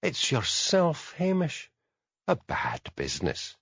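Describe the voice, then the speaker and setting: A man voicing a grizzled, dour old male butler in an audiobook, speaking gruffly and curtly. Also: fairly high pitch, huge pitch swings, slow pace, a bit bright, no echo, highs cut off, pitched above the performer's own voice, exaggerated voice.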